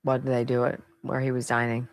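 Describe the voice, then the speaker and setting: A woman's voice: rumbling low, monotone, brisk. A woman hosting a talk radio show, giving sarcastic, emphatic commentary and reading ad spots with a hard sell.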